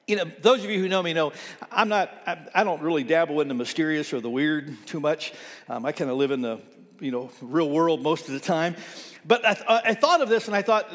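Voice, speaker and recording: A male pastor with a high, light voice delivers a storytelling sermon, acting out the people he quotes. He sometimes sinks to a hushed, almost whispered tone, and his voice rings out with a long echo in a big church hall. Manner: storytelling, quoting others in lively retellings, dropping to soft near-whispers. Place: church sanctuary.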